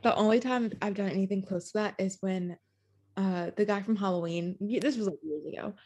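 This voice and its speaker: A woman's voice: medium pitch, brisk, slightly rough. Chatty young woman co-host. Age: 20s. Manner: chatty, animated storytelling with frequent "like". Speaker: podcast co-host. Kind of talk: casual chat.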